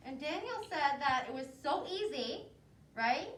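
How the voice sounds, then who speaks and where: A woman preschool teacher reading a picture book aloud to young children, asking them questions as she goes. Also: high-pitched. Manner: slow, expressive, asks the children questions. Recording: roomy echo, voice from a distance, faint noise.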